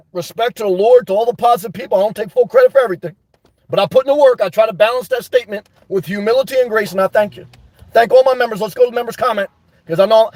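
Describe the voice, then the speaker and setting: A man hosting a live stream, ranting emphatically about his life and shouting out his supporters, worked up and sweating. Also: high voice, dry recording. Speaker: livestream host.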